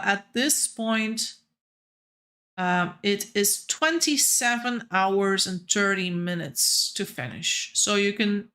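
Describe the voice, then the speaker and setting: A woman's voice: fairly high pitch, fairly bright tone. A woman streaming a game, chatting casually and playfully with the other players and her viewers.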